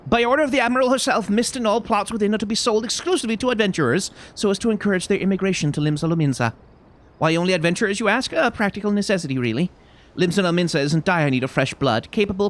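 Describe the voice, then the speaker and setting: A man voicing a proud, formal city official in a fantasy game, proclaiming in a lofty, high-pitched voice. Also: lively intonation, quick pace.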